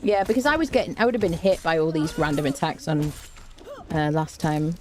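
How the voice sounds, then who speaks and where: A woman's voice: low-pitched, brisk, a little mellow, slight background noise. A woman giving casual, wry commentary while playing a game and chatting to her cat. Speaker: gaming streamer.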